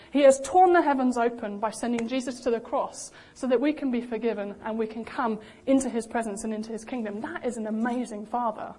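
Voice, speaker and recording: A young woman preaching a sermon in a lively, animated way, acting out the voices she quotes. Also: on the high side. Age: young adult.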